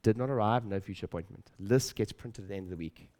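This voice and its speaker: Middle-aged guy on stage at a seminar, lowish voice, keeps repeating himself and quizzing the crowd. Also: fast, a little mellow. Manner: emphatic, repeats phrases, acts out his own inner voice, asks the audience questions. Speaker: speaker at a practice-building seminar. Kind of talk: motivational stage talk. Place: stage in a room with an audience.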